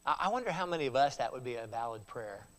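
A man's voice: medium pitch, expressive, fast, a bit bright, big-room sound. A male pastor preaching a sermon in a church, emphatic and conversational with frequent restarts. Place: church sanctuary.

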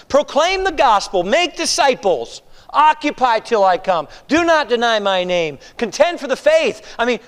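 A male pastor delivers a sermon in a high, expressive voice whose pitch leaps and falls. He shifts between quiet, confiding asides and drawn-out, emphatic exhortations, and his voice rings with the long reverb of a church sanctuary. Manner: preaching with dramatic swings from hushed to emphatic.

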